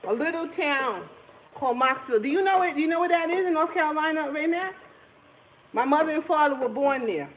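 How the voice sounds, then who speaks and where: A woman's voice: sits high, lively intonation, fairly quick. A woman hosting a home cooking livestream, chatting with viewers, laughing often. She is recorded in her kitchen with faint background noise. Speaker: cooking channel host. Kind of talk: casual cooking livestream chat. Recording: tinny phone-like audio with faint noise.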